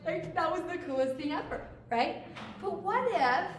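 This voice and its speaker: A woman coach talks to a room of kids in a bright, high voice, upbeat and full of questions for the audience. The mic is far from her, so her voice sounds distant. The room is very echoey, and steady noise runs under her words. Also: normal speed. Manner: animated and encouraging, asks the audience questions. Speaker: theater and vocal coach. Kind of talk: talk to a group of kids.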